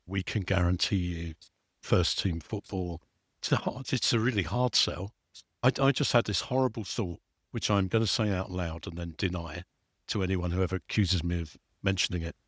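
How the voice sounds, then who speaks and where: A man's voice: deep voice, a bit bright, no room sound, studio quality. A man co-hosting a podcast, musing about football in a thoughtful, self-mocking way. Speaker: podcast co-host. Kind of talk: casual football chat.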